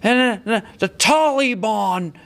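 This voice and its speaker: A man's voice: high-pitched, animated, slow, vocal fry, a bit bright, voice pushed up, exaggerated voice. A man doing a rambling old president impression.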